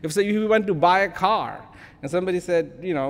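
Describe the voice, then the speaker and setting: A man giving a public talk in a playful, conversational way, acting out little imagined dialogues. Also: brisk. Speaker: speaker. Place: large hall. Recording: long hall reverb, faint background rumble.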